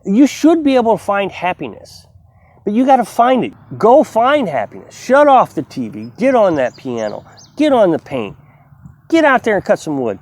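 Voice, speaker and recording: Animated man giving a pep talk. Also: high voice, moderate pace, no room sound. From United States. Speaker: vlogger. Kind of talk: casual talk to camera.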